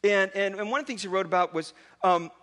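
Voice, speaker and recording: Bright high-voiced male pastor preaching. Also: fast. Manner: animated storytelling with casual asides. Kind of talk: sermon.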